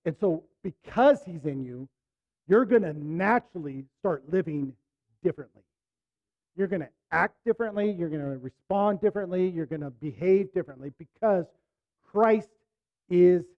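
A middle-aged man preaching a sermon, telling a personal story in a conversational way, dropping to soft asides and rising to emphatic bursts. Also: fairly high pitch, no echo, highs cut off. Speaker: pastor.

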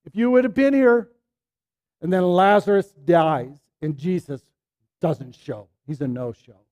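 A man preaching a sermon in a conversational way. He moves between intense, pleading questions and quiet, low asides. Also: a little slow. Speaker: pastor.

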